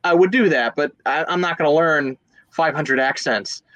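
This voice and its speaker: Bright-voiced young actor, chatty. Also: male voice, fairly high pitch, moderate pace, dry recording, highs cut off. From Virginia Beach, USA. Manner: chatty, many fillers and restarts. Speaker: guest actor. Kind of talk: casual interview chat.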